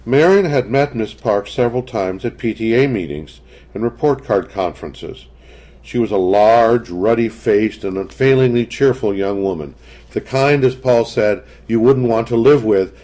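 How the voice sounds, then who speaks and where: A man reading a story aloud as narrator, in a measured storytelling manner. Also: lowish voice, mellow. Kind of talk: scripted narration.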